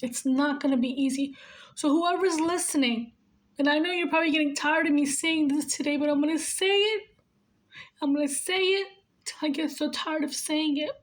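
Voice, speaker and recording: Speaking at a normal speed in a high voice with fairly even intonation, a nurse in her forties offers earnest life advice. Her monologue is heartfelt and emotional, and she repeats points to stress them.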